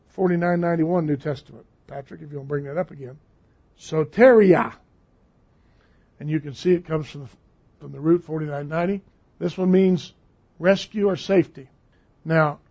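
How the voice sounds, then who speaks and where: Gravelly older male preacher. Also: fairly high pitch, dark tone. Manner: emphatic, repeating key words. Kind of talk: sermon. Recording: dull lo-fi sound.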